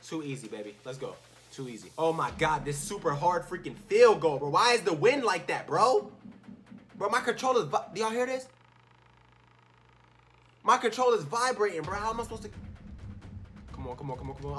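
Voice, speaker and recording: A man commentating his own video game play in his room, slangy and excitable, swinging from low muttering to loud shouts. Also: brisk, long pauses. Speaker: gaming YouTuber. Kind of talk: live gameplay commentary. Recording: music playing behind.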